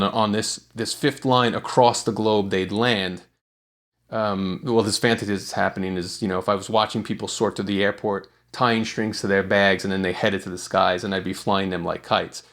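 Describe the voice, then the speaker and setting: A man with a somewhat low voice teaches songwriting in a casual video tutorial. He explains at an easy, relaxed pace. He often pauses on fillers and restarts his sentences as he goes.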